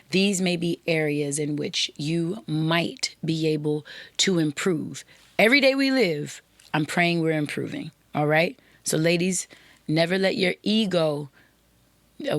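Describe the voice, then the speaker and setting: A woman's voice: lowish voice, dry recording. Earnest woman podcast host, dry close mic. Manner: earnest, direct, preachy. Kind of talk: podcast monologue.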